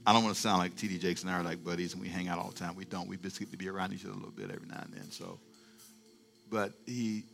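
A middle-aged male pastor preaching a sermon, moving from quiet storytelling to fervent call-and-response shouting. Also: low voice, expressive, very fast, creaky, faint music behind.

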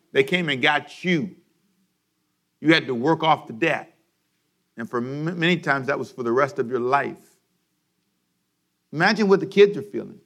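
A man preaching a sermon for a daily radio program, animated, and having his congregation repeat lines after him. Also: a little high. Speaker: pastor.

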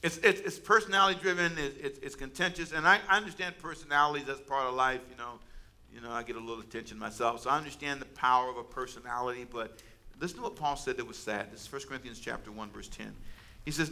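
A man's voice: mid-range voice, fast, pushed and bright. A man preaching a sermon as pastor, conversational and humorous, calling out to his congregation for responses.

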